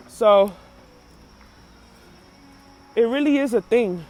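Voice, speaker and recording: A woman's voice: mid-range voice, expressive, normal speed, a little mellow. A woman hosting a casual commentary chat, rambling with many fillers and acting out quotes. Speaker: commentary host.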